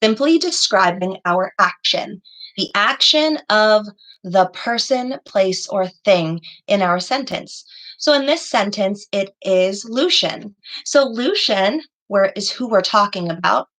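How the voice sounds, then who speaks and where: This elementary school teacher runs an online class for young children via video call, staying patient and upbeat as she praises her students by name. Her speech is slow, medium in pitch, a touch bright, and full of lively intonation, captured in a rough recording.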